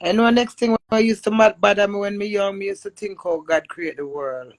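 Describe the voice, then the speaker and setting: A woman's voice: mid-range voice, fairly quick, no echo. A middle-aged Jamaican woman chatting casually on a live stream, telling stories and laughing often. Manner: animated storytelling with frequent laughs.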